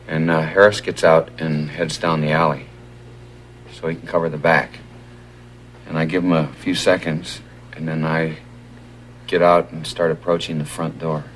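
Police sergeant, hypnotized, deep voice, slow, hesitant, fillers. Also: male voice, fairly bright tone, a little hiss or hum. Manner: halting, many filler pauses. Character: male police sergeant under hypnosis recalling a stakeout, hesitant. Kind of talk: sitcom acting.

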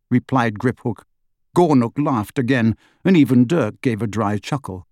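Lively audiobook reader; dry, close recording. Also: medium pitch, unhurried, no echo. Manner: expressive storytelling. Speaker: audiobook narrator. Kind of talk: scripted narration.

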